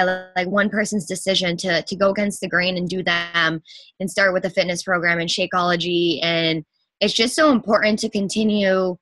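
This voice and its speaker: A young woman fitness coach giving a gushing, breathless testimonial, talking fast with lots of fillers. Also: fairly low pitch, sharp tone, no echo. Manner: gushing, rapid, breathless with enthusiasm. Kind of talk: excited testimonial talk.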